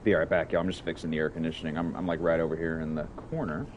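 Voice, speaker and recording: Excited, profane male game streamer. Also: very deep voice, very fast, dull audio, slight background noise. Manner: excited, profane, chatty with chat. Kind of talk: casual livestream chat. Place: hot room at home.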